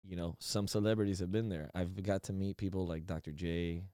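A man with a low, mellow voice joins a casual podcast conversation, teasing the host and telling his own stories. His tone is smooth and resonant. The recording is dry and close. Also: steady tone, a little fast, no echo. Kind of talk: casual chat.

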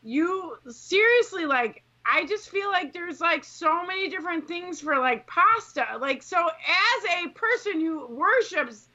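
A woman co-hosting a casual chat, loud, excitable and quick to swear and laugh. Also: very high-pitched, muffled recording. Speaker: podcast co-host.

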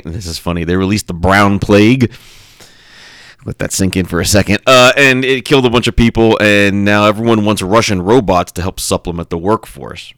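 A man co-hosting a casual podcast, rambling and swearing as he talks excitedly about a video game. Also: lowish voice, smooth, dry recording, studio quality. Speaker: podcast co-host. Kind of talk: casual chat.

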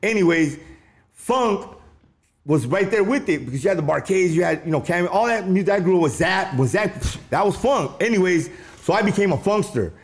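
A man's voice: high-pitched, fairly quick. A man from the Los Angeles area telling a story in casual, slangy speech, acting out the voices of the people in it. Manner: animated, slangy, acts out quoted voices.

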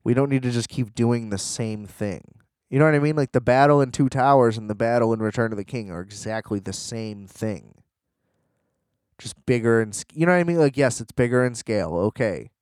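A man's voice: mid-range voice, fairly quick, a little mellow, no echo. Rambling sarcastic young man, dry sound. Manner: rambling, sarcastic, many fillers. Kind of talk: casual opinionated rant.

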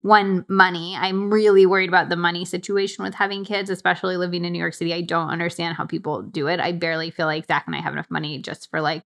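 A woman's voice: fairly low pitch, little pitch movement, quick pace, gravelly, hardly any pauses, fairly bright tone. A young woman hosting a podcast, chatting casually and thoughtfully into a studio microphone, with lots of filler words. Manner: chatty, reflective, many fillers. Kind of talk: casual chat. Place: recording studio.

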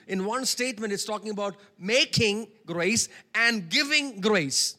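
Guy preaching, pretty high voice, stretches words out, gets people to repeat after him. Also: a little slow, few pauses, bright, forceful tone. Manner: call-and-response preaching, drawing out key words. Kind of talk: sermon.

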